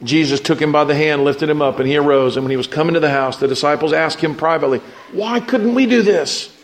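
A pastor with a fairly high voice speaks fast in a level tone, preaching a conversational sermon to his church. He reads scripture aloud and talks it through, restarting often.

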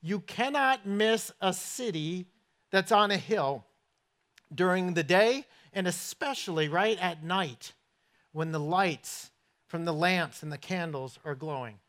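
A man's voice: high-pitched, takes it slowly, fairly bright tone. A man from southern New England preaching a sermon in a church with a New England accent, conversational and storytelling, asking his listeners questions. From southern New England, USA. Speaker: pastor.

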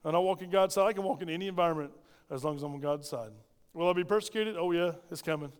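A man's voice: high-pitched, fast talker, clean tone. A man preaching a sermon as pastor, emphatic and questioning his congregation. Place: church. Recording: reverberant church hall.

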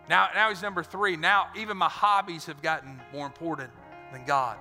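Energetic pastor with a bright, high voice. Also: male voice, normal speed. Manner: energetic, animated, acts out scenes and voices. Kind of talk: sermon. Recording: reverberant hall with faint music.

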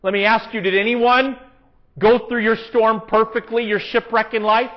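A man's voice: high voice, little pitch movement, normal speed. A man preaching a sermon in an earnest, conversational way, with emphatic rises. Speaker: pastor. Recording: dull, lo-fi sound.

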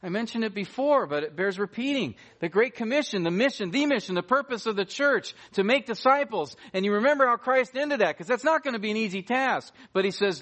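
A man preaching a sermon in a fairly high voice, emphatic and earnest. He leans on repetition, circling back to the same phrase to press it home. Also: lively intonation, brisk, hardly any pauses, fairly bright tone. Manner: emphatic, repeats key phrases for weight. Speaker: pastor.

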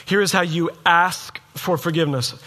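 Emphatic preaching man, higher voice. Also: normal speed, pushed and bright. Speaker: pastor. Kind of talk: sermon.

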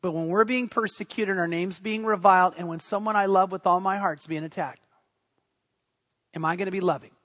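A middle-aged male pastor with a high voice preaches a sermon and tells stories like he is chatting. He often stumbles and restarts his sentences. The sound is dry and close. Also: steady tone, a little fast, fairly bright tone, no echo. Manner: storytelling, conversational with frequent restarts.

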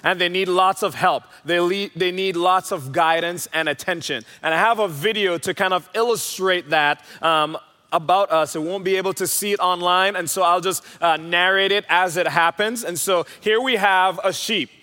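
A man's voice: sits high, moderate pace, pushed and bright. A young man preaching a sermon in a large church hall, telling stories in a conversational, playful way. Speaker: pastor. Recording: hall reverb.

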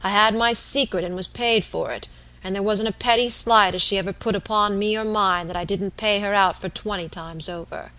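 A woman reading aloud as a dying, rough-spoken working man, bitter and feverish, with coarse rural speech. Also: mid-range voice, normal speed, fairly bright tone, close to an everyday voice.

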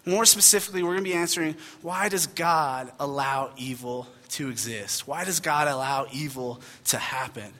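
Young man, pastor, sermon, animated storyteller, high voice, long hall reverb. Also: normal speed, few pauses. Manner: animated storytelling, self-deprecating asides. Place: large church hall.

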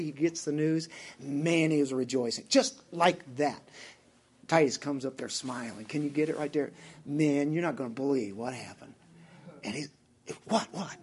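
A man's voice: fairly high pitch, darkish tone, breathy edge. A man with a Southern US accent who preaches a sermon as pastor, asking his congregation direct questions.

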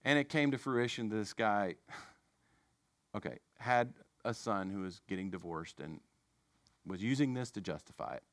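A man preaching a sermon, telling a story in a conversational, animated way with self-deprecating asides. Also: fairly low pitch, unhurried, no echo, clean studio sound.

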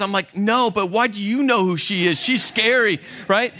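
A middle-aged man telling a funny story to an audience, lively, with acted-out quotes. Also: high-pitched, brisk. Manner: animated, humorous, acts out quotes. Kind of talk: storytelling talk.

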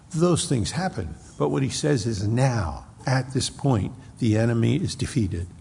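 A man with a gravelly, husky voice at an ordinary pitch preaches through a Bible passage. He moves at a slow, deliberate pace and leans hard on the words he wants to stress. His voice carries a long reverb, as in a large hall. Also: darkish tone. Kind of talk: expository sermon.

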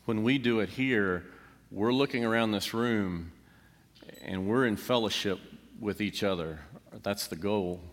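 A man's voice: fairly low pitch, measured pace. Earnest male preacher in reverberant hall. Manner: earnest, preaching with rising emphasis and rhetorical questions. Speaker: pastor. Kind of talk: sermon. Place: church sanctuary. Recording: long church hall reverb.

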